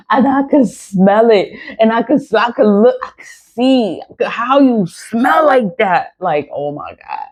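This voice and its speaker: A woman's voice: a little high, very animated, slow, hardly any pauses, darkish tone. A woman talking casually and bluntly in a rambling vlog, repeating herself and swearing freely as she talks about her tarot reading. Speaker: YouTuber and tarot reader. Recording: dull lo-fi recording.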